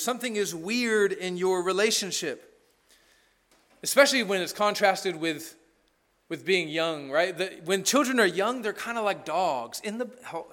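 High-voiced pastor preaching conversationally. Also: male voice, sharp tone. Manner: conversational, sarcastic humor, asks "right?" often. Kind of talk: sermon.

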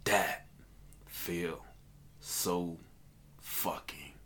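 A man with a very low, deep voice talks earnestly about pushing himself as an aspiring comedian. His delivery is motivational and keeps building with "let me tell you." A faint hiss of noise sits under the recording. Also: very slow, fairly bright tone. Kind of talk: casual podcast chat.

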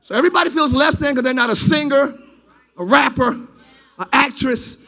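A pastor preaching a sermon to his church, moving between loud, drawn-out shouted lines and quiet, close, conversational stretches. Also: very high voice. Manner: preaching, swings from shouting to quiet intimate talk.

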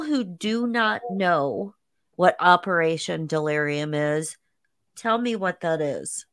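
Woman host, lowish voice, talks real slow, chill interview questions. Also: a bit bright. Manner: unhurried, conversational questioning. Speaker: podcast host. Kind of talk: casual interview.

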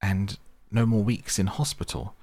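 A man's voice: fairly low pitch, fairly even intonation, a little slow, warm tone, no echo, voice pushed up, close to an everyday voice. A man voicing an earnest, well-meaning male mole who speaks mildly.

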